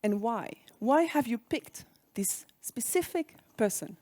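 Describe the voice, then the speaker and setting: A woman with a French accent gives a conference keynote on leadership. Her fairly high voice rises and falls in a very animated way as she puts reflective questions to the audience. The sound is dry, with no room echo. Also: takes it slowly. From France. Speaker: speaker on leadership.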